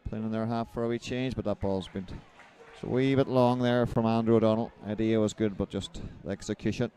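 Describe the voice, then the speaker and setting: A man giving live play-by-play football commentary, brisk and lifting his voice as the action builds. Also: fairly low pitch, fairly even intonation, mellow.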